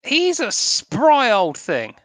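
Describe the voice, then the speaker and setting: A man's voice: very high-pitched, huge pitch swings, takes it slowly, dry recording. A man playing a tabletop game in character, sheepish and apologetic. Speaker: player.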